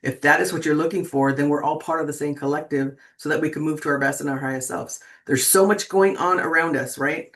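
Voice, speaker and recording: A sixty-something tarot host chatting casually to viewers at a middling pitch. The talk rambles, with lots of fillers and restarts. The host keeps checking in with a quick "right?". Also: flat delivery, a bit bright. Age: 60s.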